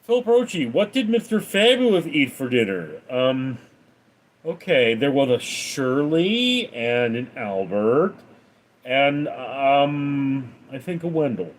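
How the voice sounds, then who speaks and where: A man hosting a livestream, reading viewers' names and questions in a raised voice, then answering them flatly. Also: slow pace, slight background noise. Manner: reads donor names and questions aloud in a lively raised voice, then answers flat and low. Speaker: livestream host reading chat. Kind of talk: casual livestream Q&A.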